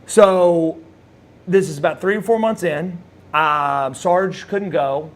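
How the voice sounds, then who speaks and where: A man's voice: a little high, slow pace. A middle-aged man, a former wrestler, telling stories in a rambling way with many fillers and restarts. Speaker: former wrestler, interview guest. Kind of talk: casual storytelling.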